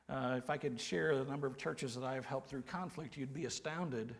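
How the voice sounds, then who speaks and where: A man, preaching a sermon with folksy, humorous storytelling and quiet, earnest emphasis. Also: mid-range voice, moderate pace, creaky, few pauses. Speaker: pastor. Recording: long hall reverb.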